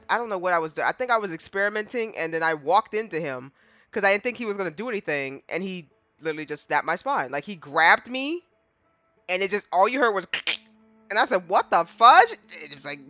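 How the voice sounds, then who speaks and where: A gaming streamer casually recapping a game, excitable, with dramatic restarts and big jumps in pitch. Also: a little fast, no room sound. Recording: slightly dull lo-fi mic with faint music.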